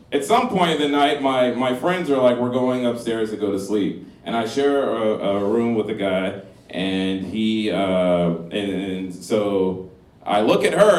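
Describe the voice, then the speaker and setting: A man's voice: mid-range voice, measured pace. Profane man in his thirties telling stories. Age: 30s. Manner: loose, profane, laughing storyteller. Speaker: storyteller. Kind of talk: comic story at live storytelling show. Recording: roomy live room, voice from a distance.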